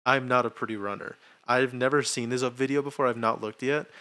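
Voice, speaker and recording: A man's voice: medium pitch, steady tone, brisk, heavy background noise. A young man streamer chatting casually and self-mockingly in a rambling way, laughing often. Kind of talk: casual livestream chat.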